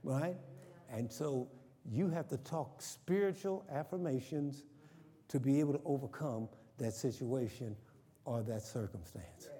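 A man's voice: mid-range voice, measured pace, mellow. Man preaching in an echoing church. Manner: call-and-response, asks congregation questions. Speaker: pastor. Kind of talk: sermon. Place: church sanctuary. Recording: long reverb of a church hall.

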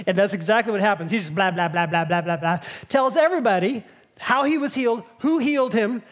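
A woman preaching a sermon with lively, storytelling energy. She acts out the quoted lines as she teaches. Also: medium pitch, brisk.

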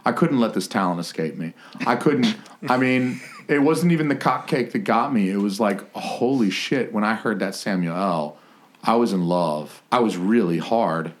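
A man's voice: on the low side, expressive, normal speed. A man hosting a podcast, joking crudely with guests, swearing and laughing a lot. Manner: loud, profane, laughing often. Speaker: podcast host. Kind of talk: crude comedic banter.

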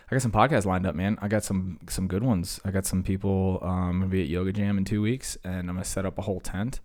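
Rambling deep-voiced podcast host in his thirties. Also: a little mellow. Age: 30s. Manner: rambling, self-mocking, talks to himself. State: slightly wheezy after a workout. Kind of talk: casual solo podcast monologue.

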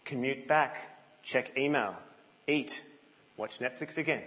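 A man preaching a sermon in a church, telling stories in an animated way and dropping to a hush. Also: medium pitch, measured pace. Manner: animated storytelling, drops to a hush. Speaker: guest preacher. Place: church, indoors. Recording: reverberant, muffled church hall.

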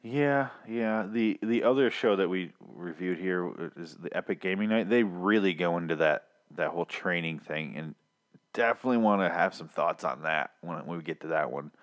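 A man's voice: low voice, normal speed. A man from Canada co-hosting a podcast, ranting in casual, profane, exasperated chat. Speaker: podcast co-host.

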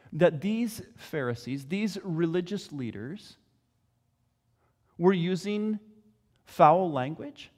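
A man preaching a sermon, earnest and questioning, with measured pauses. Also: high voice, darkish tone, in a large hall. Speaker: pastor.

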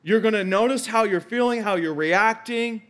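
A man's voice: high-pitched, moderate pace. A male pastor preaching a conversational sermon, emphatic and repetitive, with asides and quotes from scripture.

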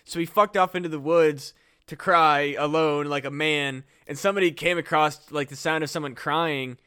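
A man's voice: a little high, steady tone, normal speed, pushed and bright, clean tone. A man co-hosting a comedy podcast, chatting casually, swearing a lot and laughing at his own jokes. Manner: profane, joking, laughs often. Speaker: podcast co-host. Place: Midwest US.

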